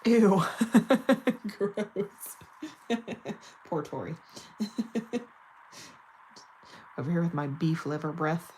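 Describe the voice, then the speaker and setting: A woman's voice: fairly low pitch, expressive, very slow, long pauses, mellow, husky, rough recording. A woman chatting casually and giggling while doing her nails on camera. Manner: chatty, giggly, self-mocking. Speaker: nail vlogger.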